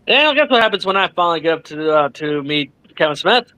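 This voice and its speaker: A man being interviewed as an author, telling a story with lively energy, swearing freely and acting out what others said. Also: on the high side, brisk, dry recording, low-quality recording. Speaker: author guest. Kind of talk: animated storytelling in casual chat.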